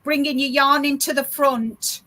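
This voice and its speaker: A woman's voice: high voice, fairly even intonation, unhurried, pushed and bright, low-quality recording. A woman hosting a casual craft livestream, explaining her work step by step with frequent restarts. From South Africa. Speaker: livestream host.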